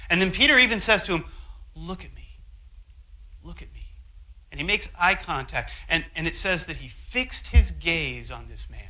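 A man preaching a sermon, telling a story with animated asides and acting out quotes. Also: fairly high pitch, low-quality recording. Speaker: pastor.

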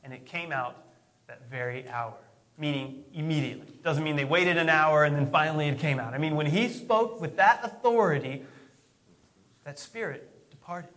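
A male pastor preaching with a high voice, relaxed and conversational as he retells a story. He often stumbles and repeats a word before pressing on. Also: moderate pace. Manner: conversational, storytelling, repeats words when starting. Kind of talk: sermon.

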